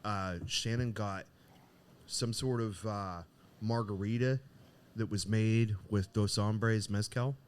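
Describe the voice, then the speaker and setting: Man, middle-aged, low voice, lively storyteller in casual podcast chat. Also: takes it slowly, slight background noise. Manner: animated, acts out the voices in his story. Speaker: podcast co-host. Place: cigar shop.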